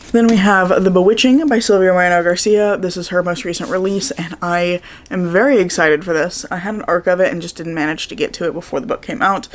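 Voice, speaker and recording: Woman w/ a bit of a hoarse morning voice, gravelly, rambly upbeat book chat. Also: fairly low pitch. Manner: chatty, upbeat, rambling with fillers. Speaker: book vlogger. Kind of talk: casual book haul chat.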